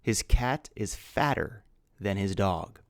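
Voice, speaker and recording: A man's voice: fairly low pitch, expressive, takes it slowly, dry recording. A man teaching English grammar, patiently spelling out words letter by letter. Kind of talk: slow grammar lesson.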